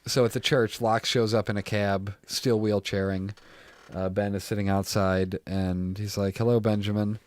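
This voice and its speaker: Brief: young male co-host, lowish voice, dry close sound, lively and profane when retelling scenes. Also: moderate pace, dry recording. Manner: animated, retelling scenes with quoted lines, swears freely. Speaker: podcast co-host. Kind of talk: casual chat recapping a TV show.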